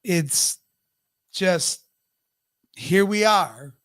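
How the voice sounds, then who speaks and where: A man's voice: high-pitched, extremely slow, a bit bright, clear, resonant tone, no echo, clean studio sound. A man co-hosting a live podcast, talking in an emotional, profane rant. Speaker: podcast co-host. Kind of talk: casual live podcast chat.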